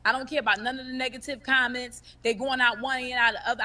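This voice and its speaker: A woman's voice: high-pitched, flat delivery, fast, sharp tone, far from the mic. A grieving mother speaking on a livestream in an impassioned, emphatic way, often repeating herself. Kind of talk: emotional livestream testimony.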